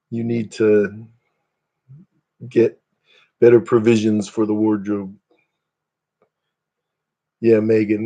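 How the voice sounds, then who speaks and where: A man chats casually with his livestream viewers, wandering from topic to topic. His voice sits on the low side with a soft, mellow tone. He jokes easily and often at his own expense. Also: lo-fi sound. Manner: rambling, self-deprecating joking. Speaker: livestream host. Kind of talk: casual chat with live viewers.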